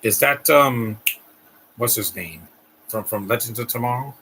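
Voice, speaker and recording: A man's voice: medium pitch, measured pace, noisy background. A man hosting a live stream, giving a blunt, ranting movie reaction commentary with frequent restarts.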